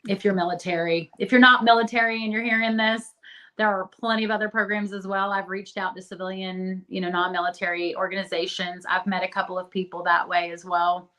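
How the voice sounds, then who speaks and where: A woman's voice: medium pitch, little pitch movement, fairly quick, sharp tone. A woman guest on a podcast, talking in an earnest, encouraging, conversational way. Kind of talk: podcast interview.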